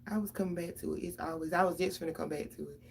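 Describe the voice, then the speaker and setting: A woman's voice: fairly low pitch, fairly even intonation, racing, gravelly, a crowd in the background. A middle-aged mother, venting casually and profanely straight to her viewers about her kids.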